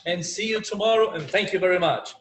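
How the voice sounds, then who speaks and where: A man with a high-pitched, fairly quick voice teaches an online English class; he's a native Portuguese speaker and chatty, peppering his talk with "like" and "you know." The room is echoey, with faint ambience and slight background noise.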